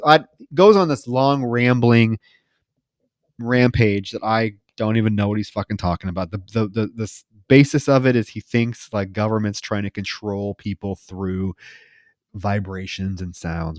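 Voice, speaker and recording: Another podcast co-host, a man with a fairly low voice, chats casually at an ordinary pace about a movie, wryly and profanely retelling the plot while performing characters' lines. Recording is dry and clean, studio quality.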